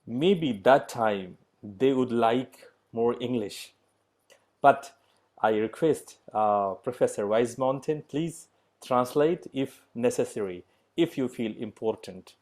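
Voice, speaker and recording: A middle-aged man teaches a yoga class online, his English slow and halting, full of pauses and fillers. His voice sits at a medium pitch with a slightly mellow quality.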